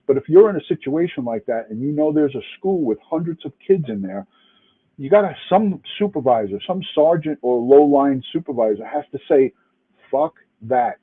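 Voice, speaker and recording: A man's voice: a little high, expressive, fairly quick, slightly rough. A retired police detective from New York City, angry and emphatic, cursing and restarting as he comments to a live chat. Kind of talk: livestream commentary. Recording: tinny phone-like line.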